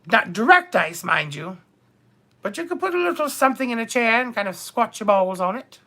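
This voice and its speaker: A man's voice: high voice, animated, moderate pace, bright, forceful tone, full character voice. A man playing a bawdy, gossipy older duchess on a comedic live stream, theatrically calling viewers darling and my dears.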